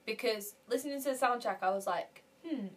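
A woman chatting casually as a podcast co-host, lively, acting out her own reactions. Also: a little high, brisk, far from the mic. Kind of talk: casual chat.

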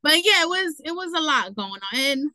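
A young woman, a guest telling her own story in casual talk, animated and quick to laugh, leaning on "you know" between thoughts. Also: high voice, no room sound, rough recording. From New York City.

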